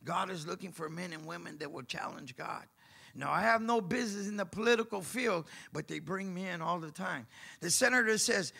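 Gravelly high-voiced man preaching. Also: brisk. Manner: animated storytelling, acting out dialogue, bursts of shouting. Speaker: preacher giving testimony. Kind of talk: sermon testimony.

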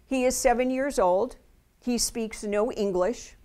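A woman's voice: a little high, measured pace, warm tone. A woman speaking at a school visit, telling a true story to students in an earnest, vivid way and addressing them directly. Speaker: Holocaust education speaker. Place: school assembly room.

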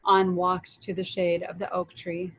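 A woman leading a children's story and meditation, reading aloud in a gentle, soothing way. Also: lowish voice, monotone, a little slow, slight background noise, rough recording.

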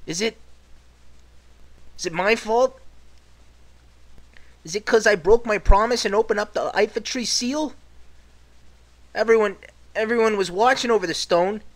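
A man's voice: high voice, unhurried, pauses often, fairly bright tone, voice pushed up. A man voicing a proud, stubborn young girl in a video game who keeps insisting she is grown up.

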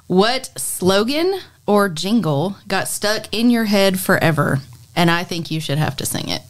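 A woman co-hosting a podcast in a relaxed, casual chat, teasing the others as they talk. Her pitch moves widely as she speaks. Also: measured pace. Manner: teasing, laughs easily. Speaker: podcast co-host.

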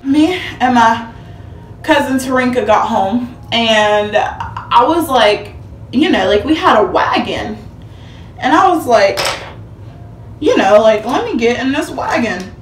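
A woman's voice: a little high, takes it slowly, pauses often, echoey room, recorded from a distance, a little hiss or hum. A young woman telling a dramatic storytime vlog, acting out quotes with bursts of laughter. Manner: animated, dramatic retelling with acted-out quotes and laughter. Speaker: vlogger.

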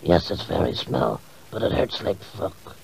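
A man's voice: sits low, big pitch swings, unhurried, creaky, full character voice, rough recording. A man voicing a sheepish audience member. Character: shy embarrassed male audience member. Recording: audience crowd behind.

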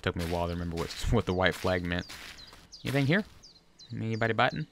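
Deep gravelly man rambling over gameplay. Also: lively intonation, fast talker, fairly bright tone, slight background noise. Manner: rambling, chatty, talks to the fish. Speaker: gaming video creator. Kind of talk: casual gameplay commentary. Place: home desk. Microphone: USB desk microphone.

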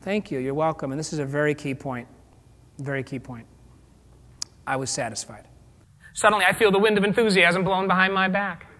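A man's voice: high-pitched, steady tone, brisk, pauses often, sharp tone. A man giving a motivational keynote to a live audience, telling stories with theatrical energy and asking the audience questions. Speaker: keynote speaker. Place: large room before a live audience.

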